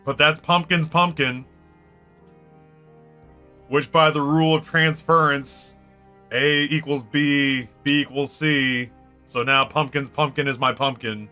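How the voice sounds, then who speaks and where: A man with a bright, fairly high voice spins a rowdy tale while streaming a game. He swears freely and breaks into laughs. Faint music plays behind him. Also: fairly even intonation, slow pace, long pauses. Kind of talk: casual storytelling during a game stream.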